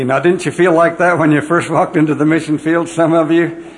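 A man's voice: mid-range voice, fairly quick, creaky, a little hiss or hum. A man who led missionaries, giving a devotional talk to an audience and earnestly telling personal stories with acted-out dialogue. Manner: earnest storyteller acting out remembered dialogue. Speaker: former mission president addressing an audience.

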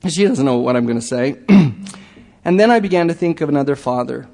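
Halting middle-aged man in echoing chapel. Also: fairly high pitch, lively intonation, a little mellow. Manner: halting, many fillers, turning earnest. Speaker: lay church speaker. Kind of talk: church talk. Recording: long hall reverb.

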